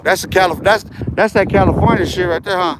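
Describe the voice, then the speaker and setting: A man's voice: sits high, a little fast, heavy background noise. A man livestreaming a confrontational, aggressive and profane rant from outdoors by a street on a handheld phone. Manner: aggressive, profane trash talk.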